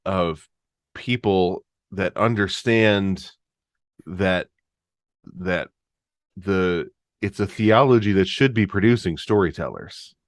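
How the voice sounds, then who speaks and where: A man speaking as a podcast guest in casual conversation, halting and restarting often and laughing easily. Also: deep voice, no echo, studio quality.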